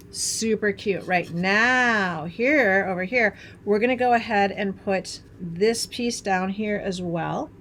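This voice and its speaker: A woman's voice: mid-range voice, slow pace, hardly any pauses, a bit bright, slight background noise. A middle-aged woman from Wisconsin hosting a craft tutorial, chatting in a bubbly way as she works and laughing at herself. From Wisconsin, USA. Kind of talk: chatty hands-on craft demonstration.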